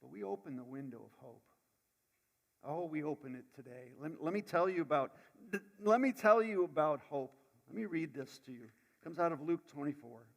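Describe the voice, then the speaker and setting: A male pastor preaching a sermon, dramatic, swinging from loud bursts to hushed lines and repeating words as he goes. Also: a little high, expressive, normal speed, gravelly. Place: church sanctuary. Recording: long church hall reverb.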